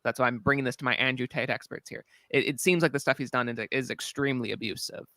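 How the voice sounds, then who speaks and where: A man's voice: mid-range voice, steady tone, fast, pushed and bright, no echo. A man hosting a stream discussion, hesitant and questioning, with many restarts. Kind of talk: casual chat.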